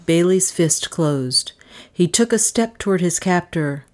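A woman narrating an audiobook in a measured, even storytelling manner. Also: lowish voice.

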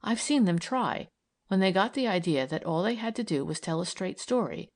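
A woman's voice: lowish voice, expressive, normal speed, a little mellow. A woman reading aloud and voicing an earnest, idealistic young woman who argues eagerly and persuasively.

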